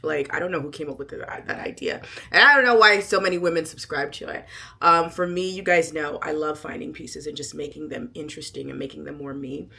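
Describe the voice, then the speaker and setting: A middle-aged woman vlogger chatting casually to her viewers, animated and emphatic, often laughing and bursting into loud exclamations. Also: low-pitched, fairly quick, creaky. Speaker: lifestyle vlogger. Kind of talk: casual chat to camera.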